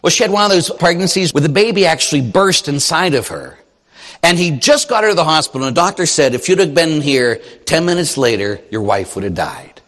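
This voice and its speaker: A man's voice: fairly high pitch, expressive, fairly quick, fairly bright tone, big-room sound. A man preaching as a Catholic priest, telling stories animatedly and acting out the voices of the people he quotes. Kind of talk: sermon.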